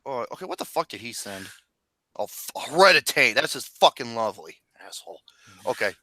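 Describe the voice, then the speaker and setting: A man hosting a casual online chat, swearing loudly and breaking into frequent laughter and sudden outbursts. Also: mid-range voice, big pitch swings, fairly quick, dry recording. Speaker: podcast host.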